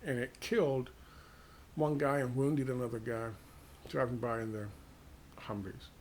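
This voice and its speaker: A man with an American accent giving a heated, profane political monologue, firing off rhetorical questions and dropping to hushed tones. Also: mid-range voice, steady tone, a little slow, slight background noise. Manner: ranting, drops to hushed tones. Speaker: political commentator.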